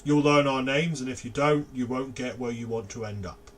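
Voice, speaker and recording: A man voicing Grimbold, a talking giant stone head set in a wall that serves as a magic door, loud and plainspoken. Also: mid-range voice, moderate pace, slight background noise, close to an everyday voice. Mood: cheerful.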